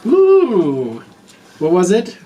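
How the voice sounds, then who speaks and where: A man's voice: high voice, wildly swooping pitch, extremely slow, muffled recording. Playful player man, noisy recording. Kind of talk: tabletop role-play.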